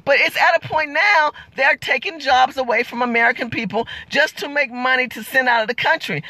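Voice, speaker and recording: A woman's voice: high-pitched, a little fast, hardly any pauses, pushed and bright, no echo. A middle-aged woman delivering an impassioned political vlog rant, blunt and fiery, firing off rhetorical questions and curses. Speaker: political commentator.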